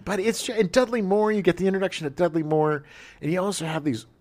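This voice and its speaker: A man's voice: high voice, steady tone, quick pace, a little mellow. A man in his forties co-hosting a podcast, chatting casually and enthusiastically about a movie, rambling with restarts. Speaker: podcast co-host. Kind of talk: casual movie review chat.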